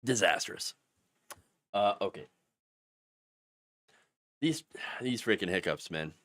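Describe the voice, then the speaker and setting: A man hosting a live-stream political show through a bout of hiccups. His pitch swings widely, and the sound is dry and close. He talks casually, laughs at himself and often stops to restart. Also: expressive, slow, fairly bright tone, dry recording. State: has the hiccups. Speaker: political commentary host.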